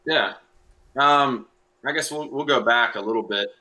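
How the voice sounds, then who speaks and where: A young adult man, a football coach, explaining plays in a relaxed podcast chat with many fillers. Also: medium pitch, normal speed, low-quality recording. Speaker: high school football coach. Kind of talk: casual podcast interview.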